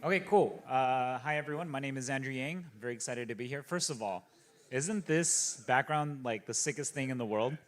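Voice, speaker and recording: Upbeat male presenter, casual slang, middle pitch. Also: fairly quick. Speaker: conference speaker. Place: conference stage.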